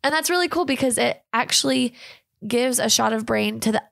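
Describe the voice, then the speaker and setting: A woman's voice: a little high, brisk, gravelly, fairly bright tone. A woman co-hosting a podcast, a fitness trainer who earnestly talks listeners through breathing techniques in casual chat.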